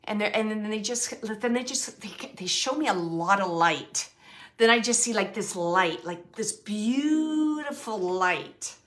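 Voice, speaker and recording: A woman working as a medium, giving a gentle spirit reading to a sitter, halting and searching as she relays messages, with many fillers and restarts. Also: mid-range voice. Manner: gentle and reassuring. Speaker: psychic medium.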